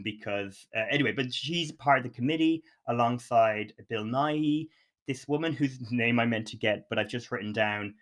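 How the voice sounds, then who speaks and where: A man's voice: mid-range voice, fairly bright tone. Chatty man gushing about films. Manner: enthusiastic, rambling with restarts. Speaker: podcast co-host. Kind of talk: casual film chat.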